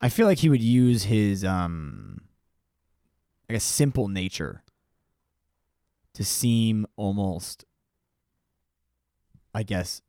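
A man's voice: dry recording, studio quality. A man with a New Jersey accent, co-hosting a podcast in casual, crude, joking chat. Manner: animated, jumps in pitch when excited, crude joking. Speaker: podcast co-host.

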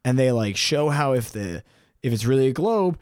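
A man co-hosting a podcast in casual chat, animated and mocking as he quotes people in a raised voice. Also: mid-range voice, normal speed, clean tone, no echo, studio quality. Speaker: podcast co-host.

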